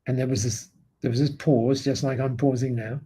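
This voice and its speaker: An Australian man, a podcast guest, telling a story in an animated way with frequent restarts and tag questions. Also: medium pitch, normal speed, slightly rough. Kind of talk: storytelling in an interview.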